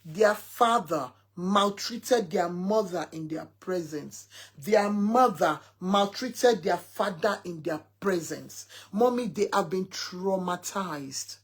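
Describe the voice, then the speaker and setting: A woman's voice: on the low side, animated, takes it slowly, husky. A woman telling an emphatic story, quoting her son at length as she talks to her followers. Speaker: mother sharing a story. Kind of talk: casual talk to followers.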